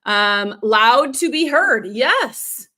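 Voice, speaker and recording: A middle-aged woman runs a live storytelling lesson. Her voice sits a little high and sounds bright. She keeps things animated, demonstrates voices and answers viewer comments as they come in. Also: drawn-out words. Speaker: storytelling coach. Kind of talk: live-streamed training.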